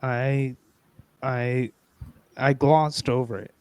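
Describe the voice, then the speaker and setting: A man hosting a casual comedy podcast, playful and mock-earnest, with loud bursts of excitement. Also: medium pitch, extremely slow, clean tone, no room sound. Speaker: podcast host.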